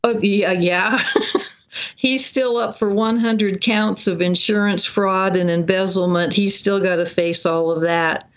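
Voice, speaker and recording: Guest on an interview, mid pitched, tells the story in lots of detail, animated. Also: takes it slowly.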